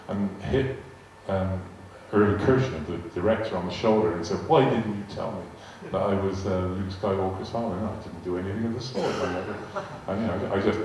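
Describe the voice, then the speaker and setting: A low-voiced older man with a West Country accent spins chatty, amused stories for a live audience. His voice rings around a big hall, picked up from a distance with a faint hiss underneath. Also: a little mellow. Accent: West Country English. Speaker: guest speaker answering audience questions. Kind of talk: anecdotal talk to a live audience. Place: large arts hall.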